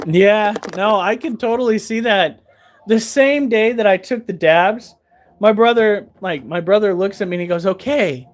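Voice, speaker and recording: A man casually telling a pet vlog audience an animated story and swearing freely as he goes. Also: high voice, moderate pace, a little hiss or hum. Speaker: pet keeper and vlogger.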